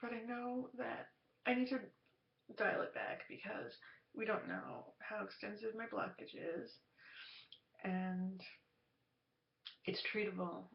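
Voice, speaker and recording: A woman vlogger confiding to the camera, halting and searching for her words. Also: medium pitch, fairly even intonation, creaky. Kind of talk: confessional talk to camera. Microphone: camera mic. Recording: roomy, dull lo-fi sound.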